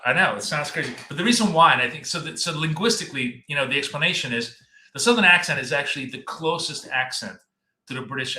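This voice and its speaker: A man's voice: a little high, bright, forceful tone. A man hosting a live trading stream, chatting casually and rambling as he talks straight to his viewers. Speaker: trading coach and stream host. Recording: echoey room.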